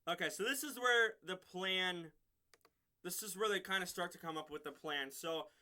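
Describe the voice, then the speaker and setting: A man's voice: high voice, moderate pace, bright, forceful tone. A man giving a casual episode review, rambling through the plot and chuckling often between points.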